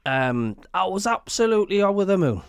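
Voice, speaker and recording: A man's voice: high-pitched, a little fast, clean tone, no echo, clean studio sound. A man with a Sunderland accent hosting a casual podcast, telling stories animatedly. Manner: animated storytelling with laughter and quoted voices. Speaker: host.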